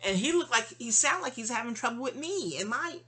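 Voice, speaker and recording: A woman's voice: on the high side, lively intonation, a little fast, bright, forceful tone, husky. A woman hosting her own channel, venting in a casual, rambling monologue full of restarts and trailing asides. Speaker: channel host.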